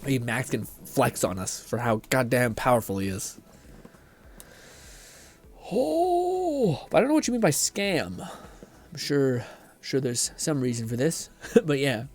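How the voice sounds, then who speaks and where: A man's voice: mid-range voice, huge pitch swings, unhurried, long pauses, a little mellow, husky. A young man streaming live, chatting casually, reading chat aloud, laughing often and swearing freely.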